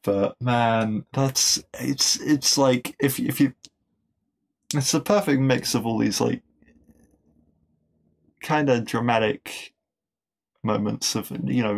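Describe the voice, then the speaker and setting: A man hosts a casual podcast, talking at a middling pitch with a gravelly, creaky edge to his voice. He rambles along with plenty of fillers and restarts. He chuckles at his own jokes as he goes. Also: fairly even intonation, takes it slowly, pauses often. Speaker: podcast host. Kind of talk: casual episode review.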